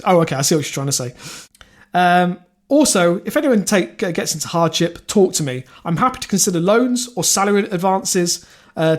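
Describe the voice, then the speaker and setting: A man co-hosting a casual comedy podcast, reading news stories aloud with many fillers and restarts. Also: sits high. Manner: reads quotes aloud, halting with fillers and restarts.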